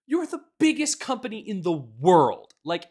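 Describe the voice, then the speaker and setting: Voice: mid-range voice, sing-song, normal speed, darkish tone. A podcast co-host in casual chat, ranting with heavy profanity and laughing often while talking.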